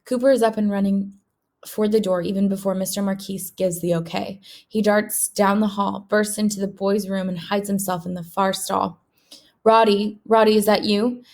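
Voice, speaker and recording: A woman teacher reads a children's novel aloud, steady and clear. Her narration is paced for young listeners following along. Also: mid-range voice, moderate pace. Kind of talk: read-aloud storybook narration.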